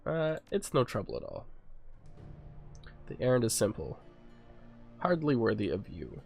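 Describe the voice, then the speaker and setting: A man's voice: mid-range voice, wildly swooping pitch, measured pace, creaky, darkish tone, faint music behind, exaggerated voice. A man reading aloud the lines of a courteous male fixer in a game, with a formal, polite delivery.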